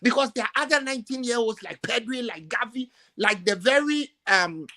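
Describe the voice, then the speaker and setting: A man's voice: extremely high pitch, normal speed, bright, forceful tone. A male caller ranting emotionally over a video call, exasperated and stumbling over repeated words. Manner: emotional, exasperated, stammering repetitions. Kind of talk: impassioned call-in rant.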